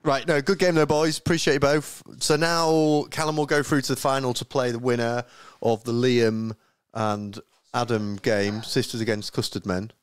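A man's voice: mid-range voice, flat delivery, moderate pace, clean tone, no echo. A young man hosting a live tournament stream, joking around and laughing easily. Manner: jokey, self-deprecating, laughs easily. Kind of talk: casual live-stream commentary.

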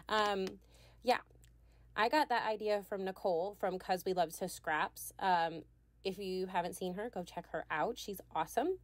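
A woman's voice: fairly low pitch, steady tone, slow, no echo. A woman, chatting casually with lots of ums while crafting at home. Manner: chatty, frequent ums, laughs lightly. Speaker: scrapbooking video creator.

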